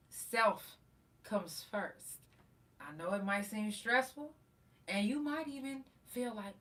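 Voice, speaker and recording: A woman podcast host telling a story in a profane, animated way and acting out the quotes. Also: mid-range voice, slow, recorded from a distance. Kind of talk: casual storytelling.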